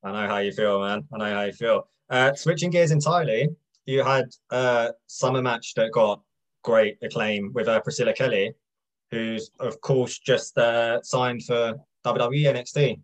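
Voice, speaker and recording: A man hosting an interview, asking questions in a relaxed, friendly way and chuckling between them. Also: medium pitch, normal speed, low-quality recording. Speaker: interviewer, host. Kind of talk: casual interview.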